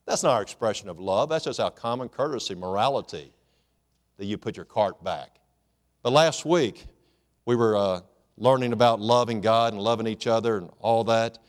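A man preaching a sermon in a folksy, joking way, calling for amens. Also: mid-range voice. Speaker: pastor.

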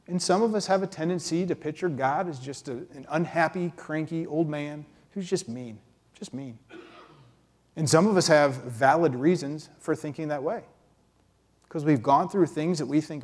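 Male preacher, conversational sermon delivery, fairly high voice, breaks into playful impressions. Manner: conversational, acts out quick impressions with pitch jumps.

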